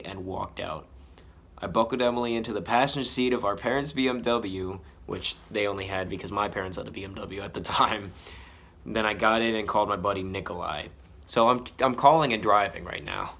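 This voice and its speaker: A man's voice: fairly low pitch, a bit bright. A man reading his own story aloud, breaking off for self-mocking, casually profane commentary.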